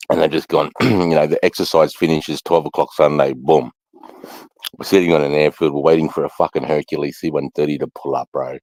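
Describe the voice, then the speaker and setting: A man's voice: extremely low pitch, steady tone, fairly quick, a little mellow, no room sound, rough recording. A middle-aged Australian man rambling casually to camera, swearing freely and sighing between thoughts. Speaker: vlogger.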